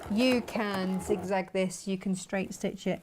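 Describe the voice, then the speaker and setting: A woman's voice: mid-range voice, steady tone, slow, noisy background. A woman chatting casually through a sewing tutorial as she works, self-mocking and talkative. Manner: chatty, self-mocking, talks while working. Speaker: sewing vlogger and shop owner.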